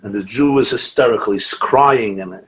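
A man teaching a Torah class as a rabbi, lively, quoting Hebrew texts and telling stories. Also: lowish voice, moderate pace, poor audio. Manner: animated, quotes Hebrew and Aramaic texts, asides and restarts.

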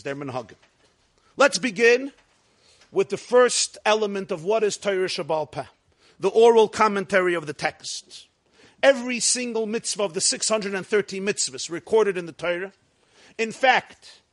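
High-voiced man lecturing a class. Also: a bit bright. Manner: asks the class questions and answers them himself, jokes with them. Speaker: rabbi teaching a class.

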